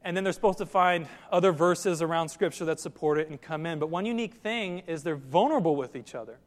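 A man's voice: a little high, fast talker, big-room sound. A man preaching a sermon as pastor, earnest and direct, often putting questions to his listeners.

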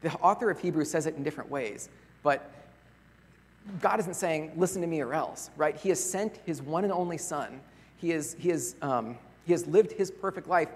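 A pastor preaching in a church, his somewhat high voice husky and lightly worn. He talks in an earnest, conversational way, tossing out rhetorical questions. The sound carries a long reverb from the large room. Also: moderate pace. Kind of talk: sermon.

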